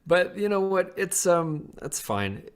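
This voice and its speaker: A man's voice: sits high, sing-song, a little slow, clear, resonant tone. A man co-hosting a casual pop-culture podcast, blunt and jokey, with emphatic outbursts. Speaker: podcast co-host.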